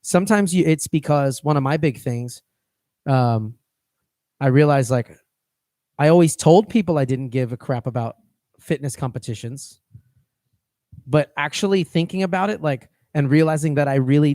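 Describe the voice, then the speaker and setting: A man's voice: a little high, moderate pace, warm tone, dry recording, studio quality. A man co-hosting a fitness coaching podcast, talking casually and rambling, often restarting his phrases.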